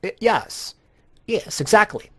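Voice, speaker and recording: A man voicing an excitable young woman in a high falsetto. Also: slow, husky, heavily acted. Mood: eager.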